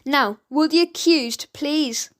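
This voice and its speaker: A woman voicing a stern male courtroom judge who speaks slowly and commandingly. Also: sits high. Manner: slow, commanding.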